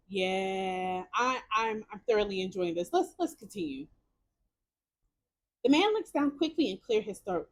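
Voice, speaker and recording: A young woman streamer narrates a story game and reacts in excited bursts. Her fairly high voice swoops up and down a lot. She piles up repeated words when something surprises her. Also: normal speed. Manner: animated, exclamatory, repeats words. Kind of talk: reading a choice game aloud with reactions.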